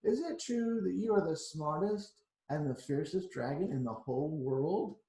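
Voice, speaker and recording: A clever, bold young princess from a picture book, played by a man reading aloud, speaking in a raised, eager voice. The high, bright lines ring in a roomy space. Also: normal speed, lightly acted.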